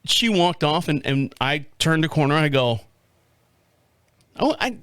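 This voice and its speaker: High-voiced man in his fifties telling a rambling story. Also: normal speed, smooth, no echo, clean studio sound. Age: 50s. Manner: rambling, animated storyteller acting out dialogue. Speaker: podcast host. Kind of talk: casual storytelling monologue.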